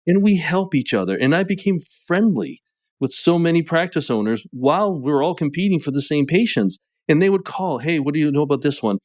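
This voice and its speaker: A man with a New England accent, talking as a podcast guest and business coach in a casual, animated way, full of "like" fillers. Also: mid-range voice, no room sound, clean studio sound. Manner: animated storytelling, many "like" fillers. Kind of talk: casual conversation.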